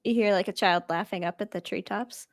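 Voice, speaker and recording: A woman's voice: mid-range voice, steady tone, a little fast, no echo, studio quality. A woman running a tabletop game as game master, describing scenes in a casual, rambling way with many fillers.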